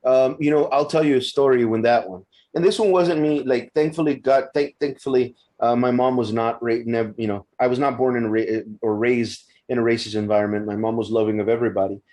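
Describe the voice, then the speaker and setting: A man in his thirties of Mexican-American background, telling stories in a casual podcast chat, animated and stumbling over his words. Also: mid-range voice, a little fast, few pauses. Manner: animated storyteller, frequent restarts and stumbles.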